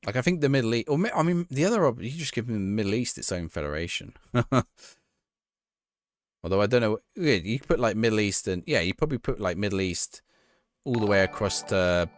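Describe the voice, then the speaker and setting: Low-voiced man streaming a football game. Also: expressive, fairly quick, no echo, studio quality. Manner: chatty, thinks aloud and reacts to the game, talks to chat. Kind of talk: casual live-stream chat.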